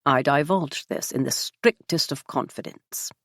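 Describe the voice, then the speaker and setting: A stiff, wry elderly spymaster speaks in clipped, formal sentences with dry understatement, as a woman narrator puts him on. The voice sits low. The audiobook recording is dry and close, with no room sound. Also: unhurried, no echo. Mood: confiding. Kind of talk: audiobook character voice.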